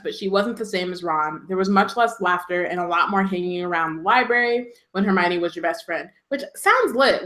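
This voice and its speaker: A woman's voice: lowish voice, a bit bright, echoey room. A woman co-hosting a casual podcast who reads book passages aloud and adds joking asides.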